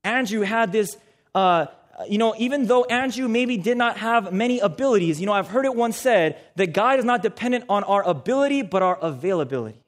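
A man's voice: high voice, expressive, a little fast. A young man preaching a sermon, engaging the audience with questions and calls for responses.

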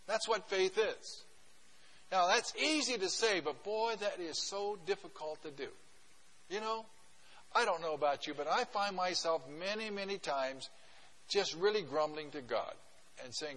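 A man's voice: a little high, lively intonation, normal speed, fairly bright tone. An older man preaching a sermon as a guest pastor, folksy and conversational, acting out prayers and little scenes. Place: church. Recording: long reverb of a church hall.

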